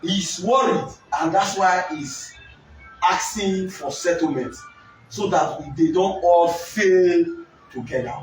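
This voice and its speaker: A man's voice: sits high, slow pace, a little hiss or hum. Emphatic man in an echoey room. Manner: emphatic, often shouting, stretching words for stress. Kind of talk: political discussion. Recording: echoey room, voice from far off, faint music.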